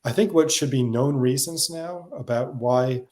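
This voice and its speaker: A man being interviewed as a guest on software, reflective and casual, with lots of "like" and "you know" fillers. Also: mid-range voice. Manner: quick, filler-heavy, reflective.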